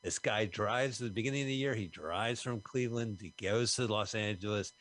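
A radio co-host riffs and jokes about a movie in loose, casual film-talk banter, sometimes trailing off mid-thought. His voice is fairly low, fairly quick, and fairly bright in tone.

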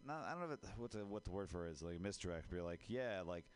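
A man's voice: deep voice, expressive, racing, smooth. A man giving another comic coaching notes in a workshop, leaning on "like" a lot. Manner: coaching, repeats "like" often. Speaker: fellow comedian giving notes. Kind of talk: workshop feedback.

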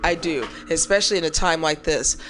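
A radio co-host chatting on a talk show, giving short reactions and then speaking in a halting, hesitant way. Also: mid-range voice, fairly bright tone, slight background noise. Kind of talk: casual talk radio chat.

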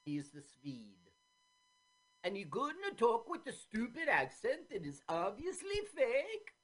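Lively woman host, animated storytelling. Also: fairly high pitch, a little slow, husky. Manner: animated storyteller, acts out quotes in loud voices. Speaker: podcast host. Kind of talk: casual chat recapping an old film.

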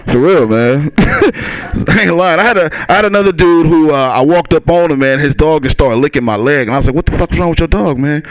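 A man's voice: fairly high pitch, lively intonation, a little fast, no echo. A man doing a loose stand-up set at a small club, laughing at his own lines and talking straight to the crowd. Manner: loose, chuckling, talks to the crowd. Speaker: stand-up comic. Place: small comedy club stage.

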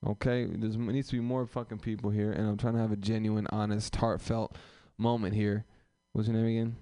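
In this live crowd work banter, a man running a comedy open mic riffs on the audience in a small room, rambling, teasing and swearing. He speaks fairly quickly in a fairly low, mellow voice whose pitch barely moves, and the recording carries no room sound.

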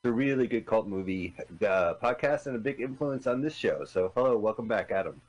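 A man's voice: lowish voice, expressive, brisk. A man co-hosting a casual internet radio podcast, chatty and rambling, sometimes searching for words. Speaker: podcast co-host. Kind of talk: casual chat.

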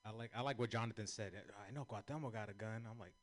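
Profane, rambling young stand-up comic. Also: male voice, fairly low pitch, fast talker. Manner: loose, profane, rambling storytelling with laughs. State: high. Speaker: stand-up comedian. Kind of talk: stand-up set.

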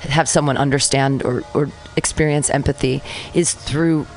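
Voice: medium pitch, steady tone, normal speed, soft background music. A radio co-host in casual conversation, earnest and searching, often trailing off mid-thought. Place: small radio studio.

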